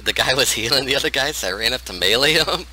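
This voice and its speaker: A man's voice: medium pitch, animated, quick pace, heavy background noise. A man chatting casually while playing a team game with friends, laughing often and teasing them. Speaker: gaming channel host.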